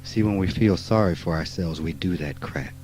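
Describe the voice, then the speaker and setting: A man gives a spiritual talk in a somewhat low, mellow voice. He speaks bluntly and emphatically, with plenty of profanity, dropping to quiet asides and then bursting out loud. It is an archival talk recording from 1989. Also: moderate pace, soft background music, low-quality recording. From rural Mississippi. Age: 50s. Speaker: spiritual teacher.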